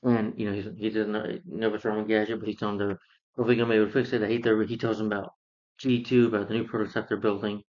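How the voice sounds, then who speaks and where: A man's voice: fairly low pitch, little pitch movement, rapid-fire, darkish tone, dull audio. A man casually reviewing a film, rambling through the plot with lots of fillers and restarts. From lives in Georgia, US.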